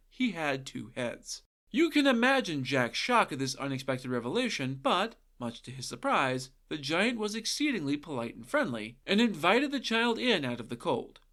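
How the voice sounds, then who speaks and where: A man's voice: fairly high pitch, a bit bright. A man retelling a folktale as a podcast host, irreverent and sarcastic, often swearing and adding asides. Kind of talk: comedic narration of folktales.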